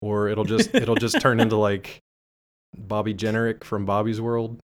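A man's voice: on the low side, unhurried. A man with an Eastern Pennsylvania accent co-hosting a podcast, chatting casually in an upbeat, jokey, rambling way. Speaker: podcast co-host.

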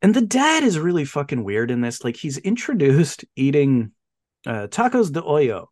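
A man co-hosting a podcast, chatting casually about films and retelling plots with animated storytelling and quick silly voices for the characters. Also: fairly high pitch, no echo. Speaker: podcast co-host. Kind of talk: casual film chat.

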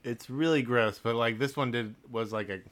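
A young man co-hosting a casual podcast, relaxed and soft-spoken, laughing often. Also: medium pitch, moderate pace. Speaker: podcast co-host. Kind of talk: casual chat.

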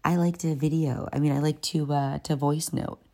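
A woman talks through a casual self-help voice note, profane and loose, and often drops to a whisper. Her voice sits extremely low, with a dark, gravelly creak. It sounds recorded on a phone. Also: steady tone, moderate pace. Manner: chatty, profane, slips into whispers. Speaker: vlogger.

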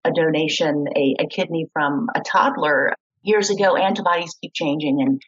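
A woman's voice: deep voice, moderate pace, breathy edge, muffled recording. A middle-aged woman tells her personal story in an interview, acting out the voices of the people she quotes. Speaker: guest, kidney donor.

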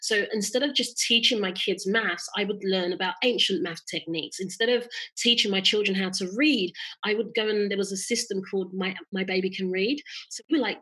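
A bright, sharp-edged woman's voice. She is middle-aged and talks as an interview guest, lively and full of stories, often acting out what others said. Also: mid-range voice, fairly quick, few pauses, slightly rough, rough recording. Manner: animated storyteller, laughs often, acts out quotes. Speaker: interview guest, mother of three. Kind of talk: casual interview chat.

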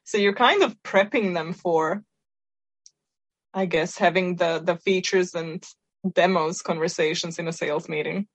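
A woman co-hosting a podcast, explaining her ideas in a relaxed, reflective way. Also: on the low side, unhurried, husky. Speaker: podcast co-host. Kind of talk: casual chat.

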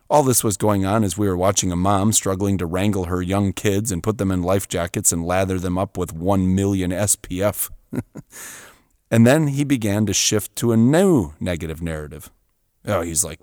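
A middle-aged man hosting a show, telling a story in an animated way and often chuckling. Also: sits low, normal speed, no room sound, clean studio sound. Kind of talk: storytelling monologue.

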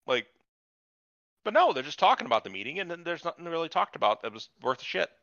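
A man's voice: fairly high pitch, sing-song, quick pace, fairly bright tone, no room sound. Podcast host guy cussing a lot, dry close sound, kinda muffled. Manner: profane, ranting, exasperated. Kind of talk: casual chat. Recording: dull lo-fi recording.

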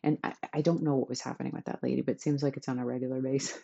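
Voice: medium pitch, steady tone, fast talker, gravelly, mellow, muffled recording. A podcast host giving a chatty, enthusiastic self-help talk to listeners.

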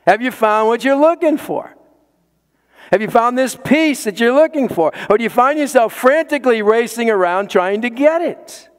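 A man's voice: high-pitched, normal speed, clear, resonant tone, long reverb tail. A man preaching a sermon as pastor, emphatic, repeating words for stress and pressing his listeners with questions.

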